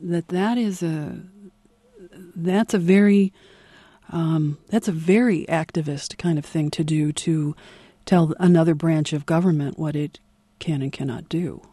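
Radio interviewer, measured questions, mellow tone, dry close sound. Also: mid-range voice, no echo.

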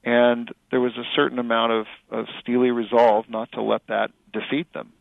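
A middle-aged male author and journalist answering interview questions in a thoughtful, halting way with many fillers and restarts. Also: medium pitch, level tone, gravelly, no echo. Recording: dry tinny phone-like radio audio.

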